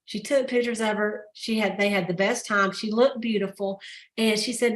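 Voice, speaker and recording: A woman's voice: medium pitch, fairly even intonation, moderate pace. A woman hosting a sales team call, telling stories in a chatty way and laughing often. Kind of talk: casual pep talk.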